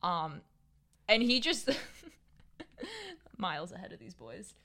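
A woman's voice: medium pitch, huge pitch swings, takes it slowly, vocal fry, pushed and bright. A young woman co-hosting a casual podcast, gossiping and laughing often. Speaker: podcast co-host. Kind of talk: casual chat.

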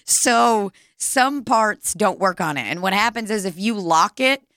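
A young woman telling a story in casual chat, animated and laughing, swearing freely. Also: medium pitch, unhurried, no room sound, clean studio sound.

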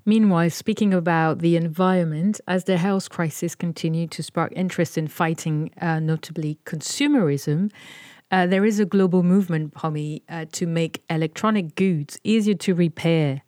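A woman with a French accent sits in the host's chair, sharing news stories in an animated, hesitant way. Her voice sits a little low. The recording is close and dry. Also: normal speed, dry recording. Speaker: podcast co-host. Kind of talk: casual radio-style chat.

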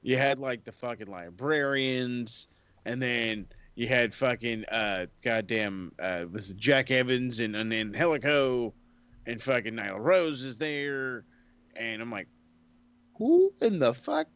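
A man co-hosting a casual wrestling podcast, talking in a profane, animated way. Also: mid-range voice, unhurried, clear, resonant tone, no echo, dull audio. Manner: profane, animated, puts on mocking voices in stories. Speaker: podcast co-host.

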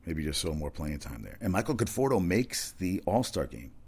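Deep-voiced rambling talk host. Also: male voice, very animated, moderate pace, darkish tone, slightly rough. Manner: rambling, conversational, with restarts and asides.

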